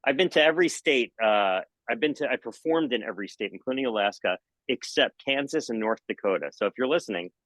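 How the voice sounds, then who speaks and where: Animated man telling stage stories. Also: quick pace, hardly any pauses, no echo, poor audio. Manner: lively, jokey, acts out anecdotes with sudden high exclamations. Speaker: magician and mentalist guest. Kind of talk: animated storytelling in a podcast interview.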